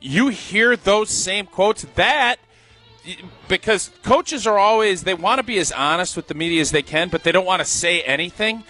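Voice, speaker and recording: Ex-player guy on sports radio, bright highish voice, laughs a lot, opinionated. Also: moderate pace, soft background music. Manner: opinionated, laughs often, animated. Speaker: radio co-host and former football player. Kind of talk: casual sports talk.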